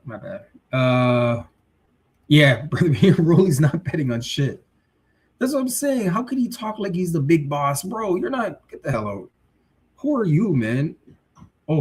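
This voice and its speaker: A man's voice: mid-range voice, slightly rough. A male livestream host chatting casually, reading viewer comments and giving blunt, slangy takes. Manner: blunt, animated, street slang.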